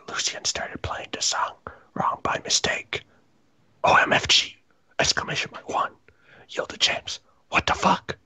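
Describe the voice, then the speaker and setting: A man doing a comedic, mock-dramatic reading of fan fiction, reading the punctuation aloud in a breathy half-whisper. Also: sharp tone. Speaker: reader.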